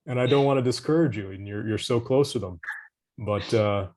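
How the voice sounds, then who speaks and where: A man's voice: fairly low pitch, fairly quick, darkish tone, a little hiss or hum. A man tutoring English vocabulary over a video call, patient and encouraging, giving hints and praise. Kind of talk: online vocabulary lesson.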